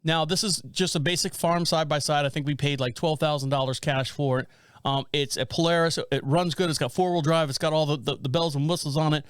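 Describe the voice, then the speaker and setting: With a smooth, fairly high voice and a fairly quick delivery, this podcast co-host in his forties recounts a long story in casual chat, animated, meandering and often restarting. The recording is dry and of studio quality.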